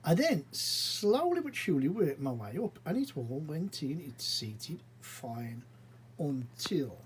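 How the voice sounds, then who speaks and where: A man's voice: mid-range voice, slight background noise, low-quality recording. A man giving casual, rambling commentary as he narrates his own brick model build. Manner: chatty, rambling, unhurried, with frequent fillers.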